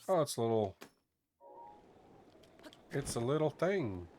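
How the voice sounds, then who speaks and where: A man from northern Texas with a soft Southern Texan accent, chatting in a relaxed, soft-spoken way with a gentle lilt while streaming a game. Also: mid-range voice, slow pace, slight background noise. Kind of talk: relaxed casual chat while gaming.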